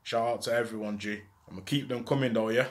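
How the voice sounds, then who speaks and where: A man telling a true story from his own life in casual, slang-heavy street talk, with an animated delivery. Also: mid-range voice, fast talker.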